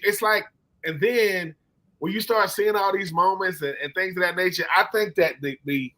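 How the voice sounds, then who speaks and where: A man hosting a casual sports chat, telling animated stories and acting out quotes in slangy talk. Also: high-pitched, moderate pace. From Philadelphia. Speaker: podcast host.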